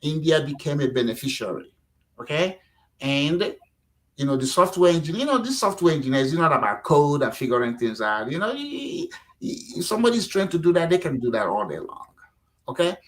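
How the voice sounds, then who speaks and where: Animated Nigerian-born man telling stories. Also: a little high, a little fast, low-quality recording. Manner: animated storyteller, acts out quotes, frequent "you know". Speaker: guest. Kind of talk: casual interview talk.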